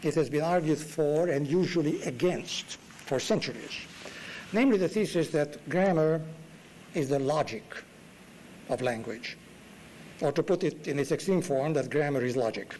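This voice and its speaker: A man lectures in a university room, with dry humor and lines that lift sharply for emphasis. His voice sits a little high for a man. A faint hum of room noise runs underneath. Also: normal speed, darkish tone, low-quality recording. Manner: dry wit, emphatic rises. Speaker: guest lecturer. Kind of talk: classroom lecture.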